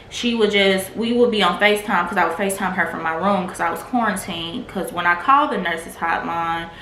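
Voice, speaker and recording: A woman's voice: medium pitch, bright, forceful tone. A woman vlogger candidly telling a personal testimony in a casual, filler-heavy way. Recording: echoey room with faint noise.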